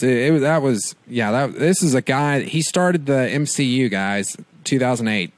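A man casually retelling a film's plot as a reviewer, rambling and animated with lots of fillers. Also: medium pitch, moderate pace, hardly any pauses. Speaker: movie reviewer. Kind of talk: casual spoiler recap of a film.

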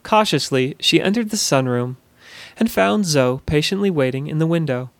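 A man telling a fantasy story in a measured, steady narrating voice. His pitch sits a little higher than most men, and the recording is dry and close, with no room sound. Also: no room sound. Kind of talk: scripted narration.

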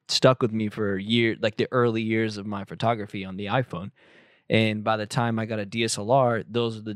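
A man's voice: on the low side, no room sound, studio quality. A young man, a photographer, answering viewer questions in casual chat, rambling with lots of swearing and self-corrections.

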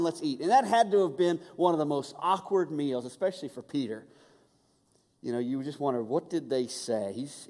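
A man preaching a sermon as pastor, telling the story with humor, quick asides and restarts. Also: mid-range voice, mellow. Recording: long reverb of a large hall.

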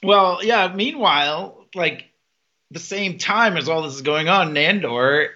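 A man co-hosting a podcast, chatting casually and laughing as he retells TV scenes with quick quoted lines. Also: fairly high pitch, animated, bright, forceful tone. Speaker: podcast co-host. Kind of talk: casual episode recap chat. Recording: dull lo-fi podcast mic.

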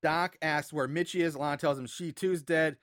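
A man talks through a movie's plot in a loose, animated way, jumping into the characters' voices as he goes. His voice sits a little high, and the recording is dry and close with no room sound. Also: a little fast, no echo. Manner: animated retelling with acted-out quotes and laughs. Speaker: podcast co-host recapping a film. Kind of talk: casual chat.

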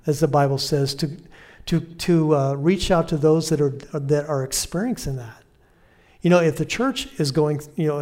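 A man preaching a conversational sermon, repeating key phrases and slowing down to quote Scripture softly. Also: on the high side. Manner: slows and softens when quoting Scripture.

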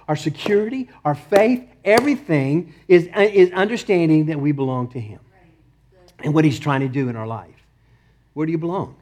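A pastor preaching a sermon with passion, repeating short declarations and swinging from loud insistence to quiet, intimate appeals. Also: male voice, sits high. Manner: impassioned, repeats key phrases, rises then drops to near murmur. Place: church.

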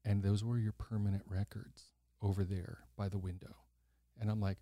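Mellow-voiced older man telling a story. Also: fairly low pitch, normal speed, no echo, studio quality. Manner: animated storyteller who acts out quoted voices, blunt and swears casually. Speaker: podcast host. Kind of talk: casual storytelling conversation.

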